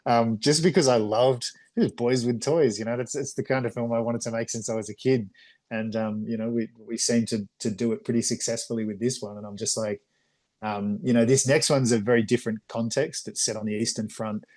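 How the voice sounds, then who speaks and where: A man's voice: mid-range voice, a little fast. A man in his forties with an Australian accent, a film director chatting as a guest in an interview and acting out quotes in voices. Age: 40s. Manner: animated storyteller, acts out quotes in voices. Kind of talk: casual interview chat.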